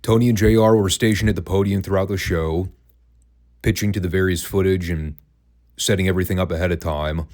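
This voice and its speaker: Man, very low voice, solo podcast host, wry and sarcastic, chatty. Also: fairly even intonation, fairly quick, darkish tone. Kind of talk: casual commentary, solo podcast.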